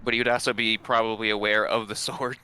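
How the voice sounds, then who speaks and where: Man, tabletop player, bright voice, thinking aloud, faint music behind. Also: on the low side, level tone, fast talker, smooth. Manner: thinks aloud with restarts, weighing options. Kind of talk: casual tabletop game chat.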